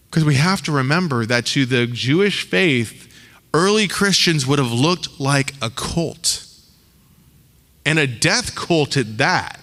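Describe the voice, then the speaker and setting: Man, pastor, sermon, casual slangy delivery, acts out quoted voices, bright tense tone, long church reverb. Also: a little high, animated, slow pace. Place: church sanctuary.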